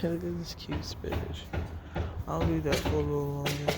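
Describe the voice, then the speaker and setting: A gardening vlogger with a slightly high voice and flat delivery casually narrates a walk through his home garden at a moderate pace. Laid-back and rambling, he chuckles to himself while filming outdoors, with loud traffic and street ambience in the background.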